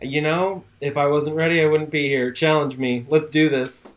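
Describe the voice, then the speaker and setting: A young man playing his character in a tabletop game, eager, stumbling over words and quick to laugh. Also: fairly high pitch, fairly even intonation. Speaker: player. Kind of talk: in-character tabletop role-play.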